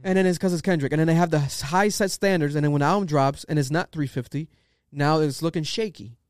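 A man hosting a casual podcast, riffing with loose, profane energy. His voice sits a touch high and comes through smooth. The sound is dry and close. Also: fast, dry recording. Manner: loose, profane, animated opinion talk. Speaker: podcast host.

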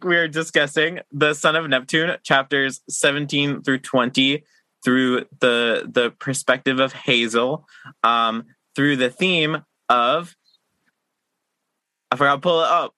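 A man's voice: a little high, slow, pushed and bright, dry recording. A man hosting a casual podcast, rambling with fillers and teasing his guest playfully. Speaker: podcast host.

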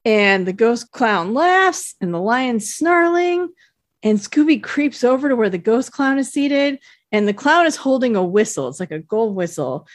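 A woman's voice: on the high side, very animated, a little slow, no room sound, studio quality. A woman co-hosting a podcast, casually recapping a cartoon episode and quoting characters in put-on voices. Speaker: podcast co-host.

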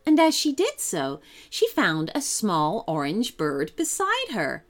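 A woman storyteller giving a scripted narration of a children's story in a lively, expressive way. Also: mid-range voice, slow, faint music behind.

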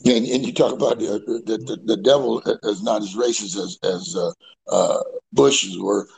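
A man hosting a casual comedy podcast from outdoors. He stammers and repeats words, tells crude jokes and breaks into loud laughter. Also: on the low side, normal speed, creaky, breathy edge, poor audio. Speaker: podcast host. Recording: live call-in podcast.

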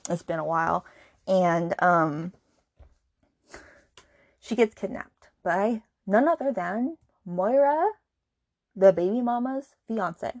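A woman's voice: medium pitch, expressive, slow, pauses often, a little mellow, no room sound. A woman hosting a podcast, talking through a book in a casual, indignant and sarcastic rant, with many asides to the listener. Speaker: podcast host.

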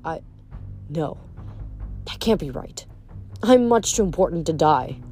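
A woman reading aloud, voicing a vain, self-adoring young man in a slow, languid drawl. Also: deep voice, animated, warm tone, slightly rough, faint music behind, heavily acted. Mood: dreamy, self-adoring.

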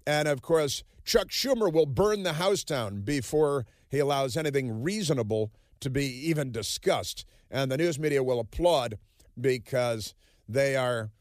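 A man's voice: mid-range voice, lively intonation, unhurried, no echo, studio quality. Sarcastic rambling male radio host. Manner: sarcastic, rambling, with many fillers and asides. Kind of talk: opinion talk radio monologue.

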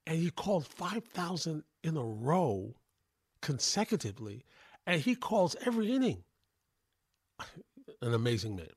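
Rambling dry-voiced radio host. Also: male voice, a little high, big pitch swings, moderate pace, breathy edge, dry recording. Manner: rambling, full of fillers and restarts, admiring. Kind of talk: radio talk show monologue. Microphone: studio microphone.

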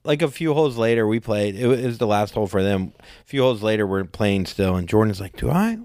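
A man's voice: on the low side, fast talker, no room sound, studio quality. A man in his forties, co-hosting a podcast, telling a story in casual chat and jumping into a raised voice to act out what people said. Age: 40s. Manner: animated storyteller who acts out quotes in a raised voice. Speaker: podcast co-host.

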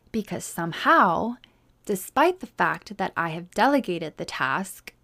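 Chatty woman telling a story. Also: mid-range voice. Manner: chatty, exasperated, acts out dialogue. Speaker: podcast host. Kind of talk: personal storytelling to listeners.

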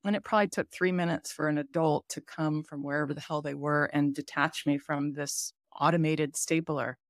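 A woman's voice: low-pitched, fairly even intonation, normal speed, no room sound, studio quality. A woman on a podcast telling a candid story from her childhood in a loose, casual way, with some mild swearing.

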